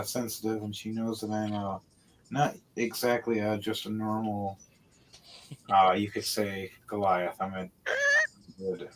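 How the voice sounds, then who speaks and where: Running a tabletop game as game master, a man with a lowish voice announces dice rolls and each combat turn, sometimes erupting into loud bursts. The audio is poor, with slight background noise.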